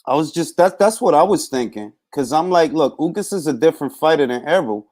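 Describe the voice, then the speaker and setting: A man hosting a live boxing talk stream in casual, laid-back chat, shouting out viewers by name. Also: on the high side, animated, a little fast.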